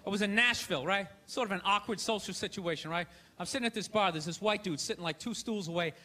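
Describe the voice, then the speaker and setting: A man doing a stand-up set in a theater, ranting loudly with sarcastic delivery. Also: high-pitched, quick pace. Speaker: stand-up comedian. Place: theater stage. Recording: live show with crowd laughter and noise. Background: audience laughter.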